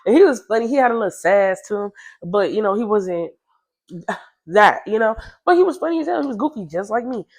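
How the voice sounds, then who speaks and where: Young woman spilling a storytime, loose and slangy, pops up high when she quotes people. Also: expressive, fairly quick. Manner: chatty and slangy, jumps into higher voices to quote others. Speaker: vlogger telling a story. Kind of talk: casual storytime.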